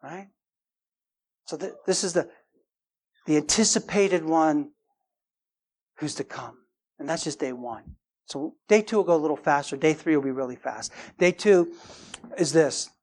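A woman's voice: sits low, animated, a little slow, long pauses, a little mellow. A woman preaching a sermon in an emphatic, casual way, often repeating her words as she builds a point.

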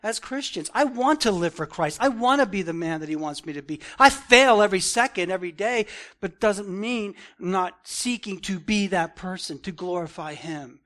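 A man's voice: high voice, lively intonation, normal speed, a bit bright. A man preaching an expository Bible lesson, earnest and conversational, who keeps saying "man" and "right?" and rises in force on his emphatic points.

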